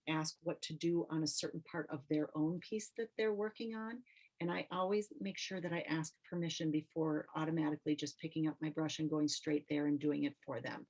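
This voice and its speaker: A middle-aged woman with a low voice leads an online art workshop over a video call. She talks in a relaxed, conversational way, pausing on fillers and restarting her sentences. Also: rough recording. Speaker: teaching artist and nurse. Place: home or studio, video call. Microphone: computer mic on video call.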